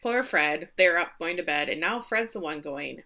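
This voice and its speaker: A woman's voice: sits low, animated, normal speed, vocal fry, few pauses, bright, forceful tone. A woman co-hosting a casual chat, recapping a film scene by scene and acting out the quoted lines. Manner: chatty, acts out quoted lines. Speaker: podcast co-host.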